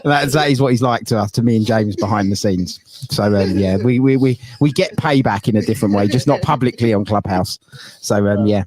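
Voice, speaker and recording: A man's voice: lowish voice, fairly quick, a crowd in the background. A man co-hosting a live audio chat, teasing and bantering. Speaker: co-host. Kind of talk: casual chat.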